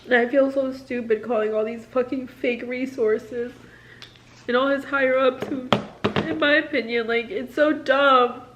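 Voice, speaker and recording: A woman's voice: sits high, steady tone, measured pace, fairly bright tone, dull audio, slight background noise. Distressed young woman venting, profane and rambling. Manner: rambling, profane, filler-heavy "like". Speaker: military spouse. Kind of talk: candid confessional vlog.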